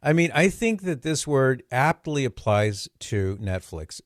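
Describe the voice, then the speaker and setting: A man's voice: mid-range voice, sing-song, unhurried, few pauses, no room sound, clean studio sound. A man hosting a radio talk show, chatting casually and laughing easily as he repeats words for fun.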